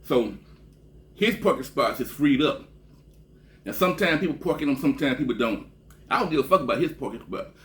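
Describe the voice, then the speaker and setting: A man from Texas spins a loose, cursing story straight to camera. His pitch sits at an ordinary middle height, and he keeps tagging phrases with a low, dropped "man." The talk is relaxed and conversational. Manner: profane, rambling, ends phrases with a drawn-out low "man". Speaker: vlogger. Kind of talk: casual storytelling monologue.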